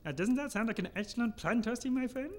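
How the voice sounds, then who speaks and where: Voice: mid-range voice, animated, fast, natural voice. A performer doing a scheming pompous baron. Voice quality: theatrical, boastful. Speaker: comedy villain. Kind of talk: amateur radio comedy acting.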